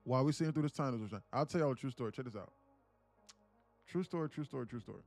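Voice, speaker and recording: A man in his late twenties, a day trader on a live stream, tells his chat a story in a casual, profane, slangy, animated way. His mid-range voice is gravelly and he talks fast, with soft music in the background.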